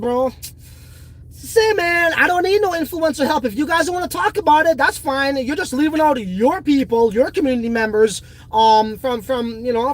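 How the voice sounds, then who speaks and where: Guy streamer hyping his crypto stuff, brags a lot, swears constantly, just rambling to chat. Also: very high-pitched. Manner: boastful, profane, rambling. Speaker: crypto livestream host. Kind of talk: casual livestream chat, reading viewer comments.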